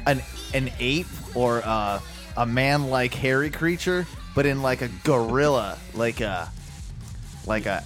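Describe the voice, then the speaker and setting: Dude hosting a chill studio show, rambly, cusses a lot. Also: male voice, mid-range voice, unhurried, a bit bright, faint music behind. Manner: loose, rambling, swears casually. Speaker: podcast host. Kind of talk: casual chat.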